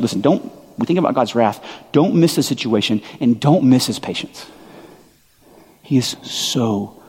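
Guy preaching, chatty and kinda rambly, lots of uhs, husky voice, long echo like a big hall. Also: medium pitch, unhurried. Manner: conversational, animated, with many fillers and restarts. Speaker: pastor. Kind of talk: sermon.

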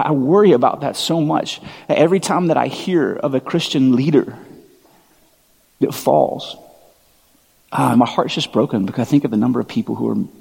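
A man in his thirties preaching a sermon, telling stories in a conversational, animated way with quick asides. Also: medium pitch, vocal fry, slightly rough. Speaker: pastor. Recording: long hall reverb.

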